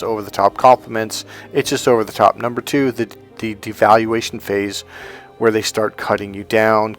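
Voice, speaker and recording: A middle-aged man and self-help coach talking casually, telling stories with plenty of restarts and acting out what people said. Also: lowish voice. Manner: chatty, animated storytelling with acted-out quotes. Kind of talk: casual talking-head advice.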